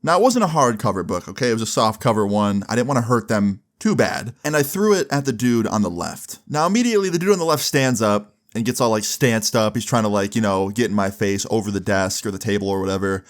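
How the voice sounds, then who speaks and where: A young man with a fairly low voice recounts a story in a casual, conversational way. His delivery is loose and unhurried, peppered with fillers and the odd curse word. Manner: relaxed, swears casually, fillers like "like" and "you know". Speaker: storyteller vlogger.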